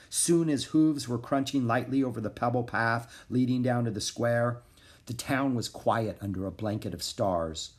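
A man narrating a children's chapter book in a calm, even reading voice. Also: mid-range voice. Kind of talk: storybook narration.

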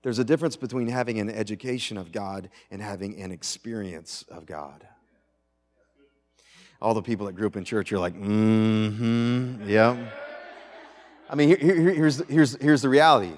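A male pastor preaching a sermon to a congregation, animated, moving between loud emphasis and quiet asides and often restarting his phrases. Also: fairly low pitch, a little fast. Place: church sanctuary with audience. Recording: reverberant church hall.

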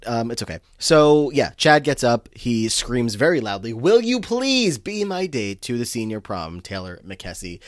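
A man's voice: medium pitch, no room sound, studio quality. A man co-hosting a podcast, casually recapping a film with lots of fillers. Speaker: podcast co-host.

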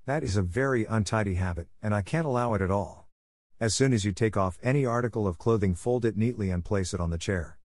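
Man reading a stern old spinster in a storybook, brisk and scolding, low and dry. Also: darkish tone, no echo, lightly acted. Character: stern strict spinster woman, older, sharp-tongued.

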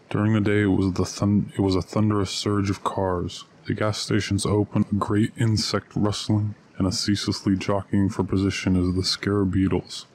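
Male story reader, deep steady narration, outdoor take with light background noise. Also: rough recording. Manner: measured unhurried reading. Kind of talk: reading a short story aloud.

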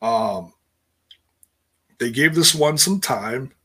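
A man with a husky, bright-edged voice talks through a wrestling recap in a loose, rambling way. He restarts his sentences often and jumps up in pitch when he acts out what people said. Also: lively intonation, very slow. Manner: rambling and self-interrupting, acts out quotes in a higher voice. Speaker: wrestling show recap host. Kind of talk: casual wrestling recap chat.

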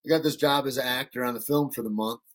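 A man's voice: mid-range voice, steady tone, fast, a bit bright. A middle-aged man from Northern Michigan, a podcast guest telling casual stories, loose and profane, acting out the voices of people he quotes. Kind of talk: casual storytelling.

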